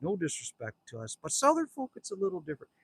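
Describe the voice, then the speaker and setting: Fast and high-pitched, with wildly swooping pitch, a fairly bright tone and a breathy edge, this Canadian man in his fifties livestreams from outdoors at his cabin on a dry recording. He rambles, jokes with viewers, reads their comments and speaks straight to them.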